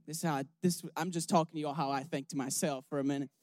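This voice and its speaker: A young man preaching a candid sermon, rambling with restarts and questions to his listeners, swinging from hushed emotion to loud rousing calls. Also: on the high side, steady tone, fast, hardly any pauses.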